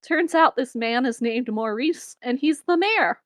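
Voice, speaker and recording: A woman's voice: high-pitched, lively intonation, unhurried, dry recording. A young woman co-hosting a podcast, casually recapping a film with wry asides and frequent laughter. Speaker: podcast co-host.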